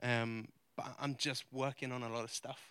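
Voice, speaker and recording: An earnest male pastor preaching into a mic, his voice bright and crisp. He swings between loud, emphatic declarations and quiet, halting confession. The sound is close and dry. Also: mid-range voice, flat delivery, no room sound. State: close to tears. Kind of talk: sermon. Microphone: handheld or stage mic.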